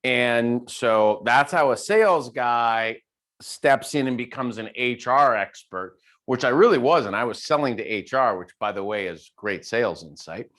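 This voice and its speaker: A man speaking as a guest speaker in a casual conversational interview, animated, often restarting and repeating words as he tells stories. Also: mid-range voice, a little slow.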